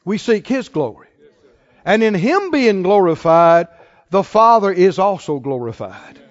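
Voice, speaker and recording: Speaking at a measured pace, a very animated man with a high voice delivers a sermon, calling on the congregation to respond and posing rising, exhortative rhetorical questions. A long hall reverb and dull lo-fi quality color the recording.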